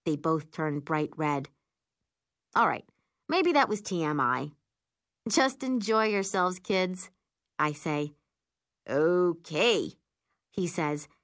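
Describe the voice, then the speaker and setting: A woman narrating a first-person story as an audiobook, expressive and animated in her reading. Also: low-pitched, no echo, studio quality.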